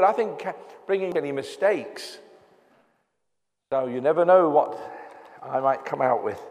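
A man's voice: fairly high pitch, a little mellow. An older man preaching a sermon in a church, conversational and joking as he goes, from England. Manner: conversational with humorous asides. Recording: reverberant church hall.

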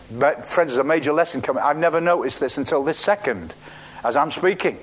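A man's voice: fairly high pitch, fairly quick. A man preaching a sermon, telling a Bible story with acted-out quotes and frequent restarts. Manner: animated storytelling, acts out quotes, restarts words.

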